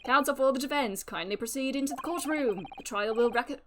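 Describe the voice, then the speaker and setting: A woman's voice: high-pitched, fairly quick, a bit bright, slight background noise. A woman reading a formal old judge. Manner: formal, ornate courtroom diction. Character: stately older male courtroom judge. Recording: game music playing behind.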